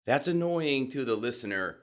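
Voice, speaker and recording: A middle-aged man with a Southern US accent, teaching voice technique in a calm, measured, deliberate way. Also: medium pitch. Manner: calm, measured and deliberate, demonstrating vocal examples. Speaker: voice coach. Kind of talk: instructional talk.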